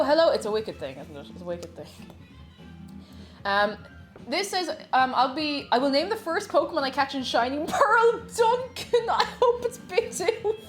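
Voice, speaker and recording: A woman chatting casually while she cooks on a live stream, giggly and talkative, reading out chat messages. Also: fairly high pitch. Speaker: cooking streamer.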